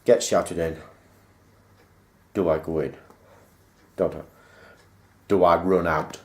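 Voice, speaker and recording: Speaking slowly in a deep voice with fairly even intonation, a man shares a rambling school memory, performing the remembered exchanges. He is a vlogger in casual personal storytelling mode, and the recording echoes roomily.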